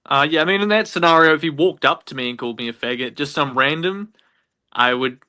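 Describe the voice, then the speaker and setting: A man in casual stream chat, halting and swearing freely as he answers. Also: a little high, bright, forceful tone, clear, resonant tone.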